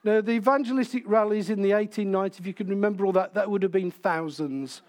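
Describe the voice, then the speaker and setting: A man's voice: high voice, quick pace, a little mellow. A man preaching a sermon in church, in a conversational way, asking the congregation questions.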